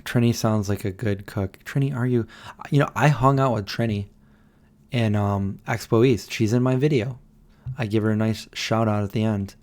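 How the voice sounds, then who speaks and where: A man's voice: lowish voice, steady tone, normal speed, a little mellow. A tired man hosting a late-night livestream, rambling and answering viewers as he reads their messages aloud. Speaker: livestream host. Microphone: desk microphone.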